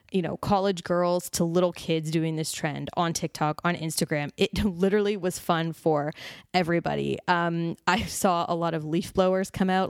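A woman's voice: fairly low pitch, clean tone, dry recording, studio quality. A woman hosting a podcast in casual, enthusiastic chat, full of fillers. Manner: chatty, enthusiastic, many fillers like "like" and "um". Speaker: podcast host.

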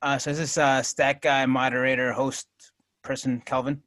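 A man's voice: mid-range voice, level tone, normal speed, fairly bright tone, a little hiss or hum. A man hosting and moderating a casual group podcast, joking and laughing often.

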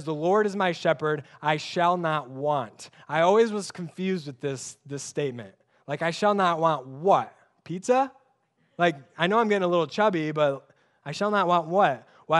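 A young man preaching a sermon as pastor, conversational and emphatic, with many rhetorical questions. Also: fairly high pitch.

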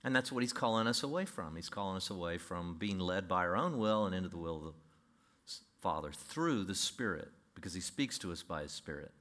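A man preaching a sermon, animated, acting out imagined voices and quoting scripture. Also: low-pitched, brisk. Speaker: pastor.

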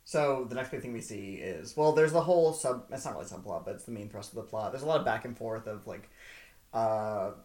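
Very deep-voiced joking woman. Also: a little fast, darkish tone. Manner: wry, joking, laughs often. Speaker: podcast co-host. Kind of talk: casual chat.

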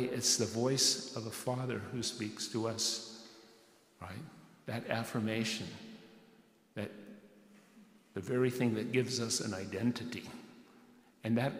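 Slow-preaching man in an echoing hall. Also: medium pitch, a bit bright. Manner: emphatic, repeats words, frequent "yes" and "right". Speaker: pastor. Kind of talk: sermon. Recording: echoey hall, slightly distant.

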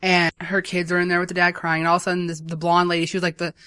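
A speaker in casual chat, retelling a movie's plot in a rambling, animated way with many fillers. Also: medium pitch, very fast, clear, resonant tone, no room sound, studio quality. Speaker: movie recapper.

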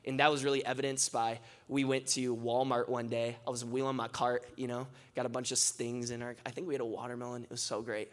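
A young man speaks in a loose, conversational way, leaning hard on filler words as he tells his stories. His pitch sits in the middle range for a man. This is a testimony-style sermon given to a church gathering. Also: level tone, brisk, few pauses. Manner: casual, filler-heavy storytelling with many "like"s; rising, impassioned closing prayer.

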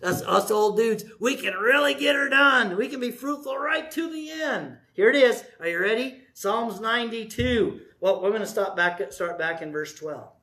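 A man's voice: high voice, animated, normal speed, hardly any pauses, bright, forceful tone. A man in his sixties, a pastor preaching a sermon in a folksy, joking, conversational way. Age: 60s.

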